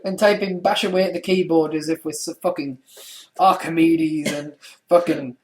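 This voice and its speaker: A man's voice: high voice, steady tone, fast, darkish tone. A young man co-hosting a casual podcast, brash, sweary and self-mocking. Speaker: co-host.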